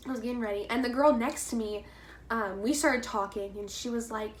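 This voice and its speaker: A woman from Houston, Texas, telling an excitable, gushing story to her camera, full of "like"s. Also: mid-range voice, a little fast, slight background noise. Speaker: vlogger. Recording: echoey room.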